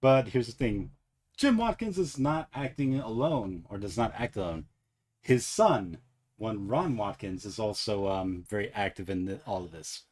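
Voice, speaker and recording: A low-voiced man hosts a casual chat podcast. He tells his story in an animated way and laughs often. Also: normal speed. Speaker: podcast host.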